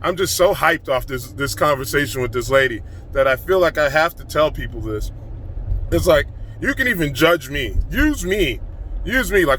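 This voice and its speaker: A pumped-up man pours out a motivational rant into his phone camera, his voice bright and forceful and sitting a little high. Faint traffic noise drifts in from outside the car. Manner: excited, fast-flowing, emphatic. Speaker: vlogger.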